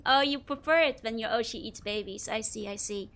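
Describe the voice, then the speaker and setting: A young Dutch woman streams a game, chatting casually with a Dutch accent and laughing often as she answers her chat. Her voice is a little high, brisk and fairly bright.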